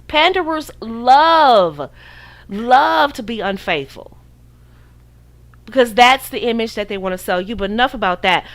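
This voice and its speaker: A woman's voice: mid-range voice, fairly bright tone. A woman from the United States hosting a podcast, giving casual dating advice in a preachy, sassy way and acting out her listeners' voices. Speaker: podcast host.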